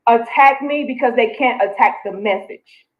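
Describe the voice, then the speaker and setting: A married woman answering as a guest in an interview, earnest and explanatory, often pausing on fillers. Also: fairly high pitch. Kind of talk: conversational interview. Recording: dull lo-fi audio from a played clip.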